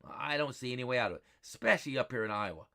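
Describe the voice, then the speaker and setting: A man hosting a live weather stream, talking excitedly over radar maps and repeating himself as he rambles. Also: medium pitch, rapid-fire, creaky.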